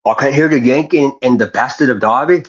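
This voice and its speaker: A man's voice: medium pitch, a little fast, husky. A man hosting a livestream, laid-back and swearing casually. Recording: muffled lo-fi stream audio.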